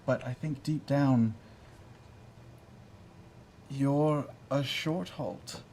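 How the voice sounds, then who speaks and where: A man's voice: medium pitch, steady tone, extremely slow, dark tone, slight background noise. A man voicing a roguish bard father in a tabletop game, making an earnest, heartfelt speech with a self-mocking edge. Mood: remorseful. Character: roguish middle-aged bard, sentimental scoundrel father.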